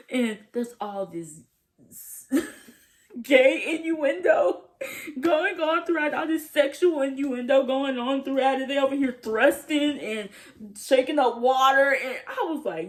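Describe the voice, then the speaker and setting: Young woman vlogger, highish voice, slangy episode recap, acts out the lines. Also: measured pace. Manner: gushing, slangy, acts out quotes. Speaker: TV review vlogger. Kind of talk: animated casual recap.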